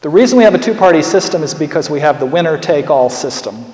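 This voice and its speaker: A man's voice: fairly high pitch, expressive, fast talker, a little mellow, reverberant, in a large hall, low-quality recording. A man, a political candidate, giving earnest documentary narration and commentary with dry humor.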